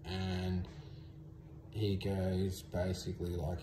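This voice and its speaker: A man's voice: sits low, level tone, unhurried, long pauses, dark tone, reverberant, a little hiss or hum. A man with an Australian accent casually recounting a story to the camera, laid-back and drawling, with frequent ums. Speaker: vlogger.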